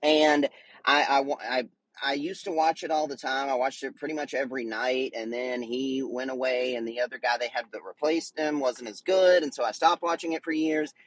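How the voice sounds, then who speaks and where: Guy doing a solo sports pod, mid pitch, all over the place with ums and restarts, just hyped about his team. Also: fairly even intonation, moderate pace, fairly bright tone, no room sound, low-quality recording. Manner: rambling, enthusiastic, frequent fillers and restarts. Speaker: sports podcast host. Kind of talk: casual solo chat.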